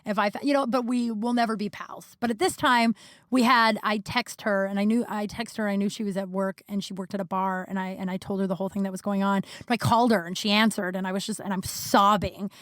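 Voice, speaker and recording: A woman's voice: medium pitch, fairly even intonation, brisk, dry recording, clean studio sound. A woman hosting a podcast who tells a personal story in a candid, casual way, swearing freely and saying "like" often. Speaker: podcast host.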